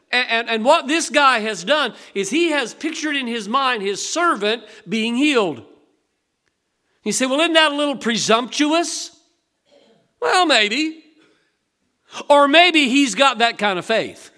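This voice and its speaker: High, bright-voiced older preacher. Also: male voice, expressive, unhurried. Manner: folksy, conversational preaching with rhetorical questions. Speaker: pastor. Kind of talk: sermon.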